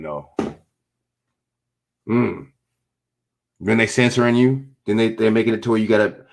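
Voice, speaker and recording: A man's voice: on the low side, moderate pace, long pauses. A man hosting a stream, giving blunt, profane commentary on clips and repeating himself as he answers chat. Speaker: streamer host reacting to clips. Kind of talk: casual opinionated commentary.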